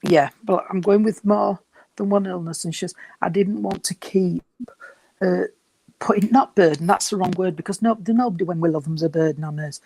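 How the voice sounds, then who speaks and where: A man giving a reading at a service, gentle and reassuring, and short of breath. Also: high voice, a little fast, creaky, dry recording. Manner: gentle, reassuring, calls people sweetheart. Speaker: spiritualist medium.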